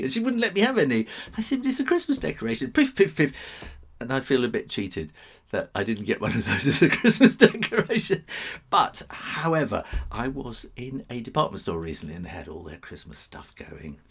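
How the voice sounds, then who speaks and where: A man's voice: medium pitch, big pitch swings, moderate pace, slightly rough. Casting: middle-aged man, live-stream host, rambling and chuckling, voice rises and falls a lot. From England. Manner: chatty, chuckling, rambling asides. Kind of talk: casual live-stream chat.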